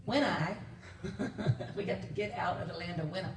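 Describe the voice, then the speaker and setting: Lively woman preaching in an echoey church. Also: lowish voice, moderate pace, recorded from a distance, slight background noise. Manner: animated storytelling with laughs and quoted voices. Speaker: guest minister. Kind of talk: conversational sermon. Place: church sanctuary.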